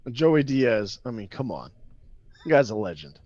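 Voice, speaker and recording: A man's voice: mid-range voice, sing-song, normal speed, darkish tone, dull audio. A man co-hosting a casual podcast, talking loosely and swearing, laughing often. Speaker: podcast co-host. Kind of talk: casual chat.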